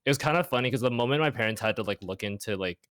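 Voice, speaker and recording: A young man speaking as an interview guest in casual chat, reflective and halting, leaning heavily on "like.". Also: mid-range voice, expressive, fairly bright tone, smooth, dry recording, clean studio sound. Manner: reflective, halting, heavy use of "like".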